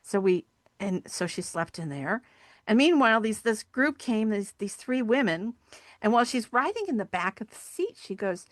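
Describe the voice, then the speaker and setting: A middle-aged woman, a podcast guest, telling personal stories in an earnest, animated way. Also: medium pitch, normal speed, no room sound, clean studio sound. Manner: earnest, animated storyteller acting out quoted voices. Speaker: podcast guest, sculptor and hiking group founder. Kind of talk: conversational storytelling interview.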